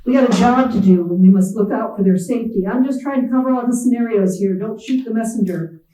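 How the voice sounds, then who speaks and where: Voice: medium pitch, fast, dark tone, reverberant, distant mic, natural voice, rough recording. A reader voicing a defensive, blustering administrator in his seventies with a put-on Appalachian drawl. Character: blustering older male school administrator.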